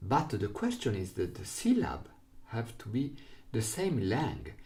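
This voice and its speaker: Italian-accented man teaching music, unhurried, patient, step by step. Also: on the low side, wildly swooping pitch, creaky, darkish tone. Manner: patient, explains step by step in simple non-native English. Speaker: recorder teacher. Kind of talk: music lesson.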